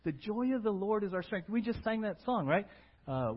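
A man preaching a sermon as pastor, conversational and animated, often asking "right?" to his congregation. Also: high-pitched, normal speed, slightly rough, dull audio.

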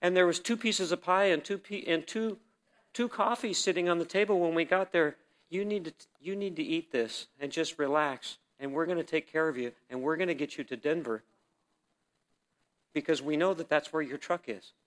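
A man preaching to a congregation at a church service, telling his story by acting out the dialogue. His voice sits a little high and sounds bright and forceful. He drops into quiet reflection, then breaks into loud, emphatic bursts. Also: moderate pace. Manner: storytelling that acts out quoted dialogue. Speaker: church speaker sharing a testimony. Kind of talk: sermon testimony to a congregation.

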